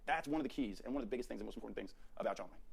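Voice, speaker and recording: A man teaching portrait posing in his photo studio, directing a subject with energetic, repetitive coaching. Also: mid-range voice, vocal fry, husky. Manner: rapid, energetic coaching with frequent restarts and repeats.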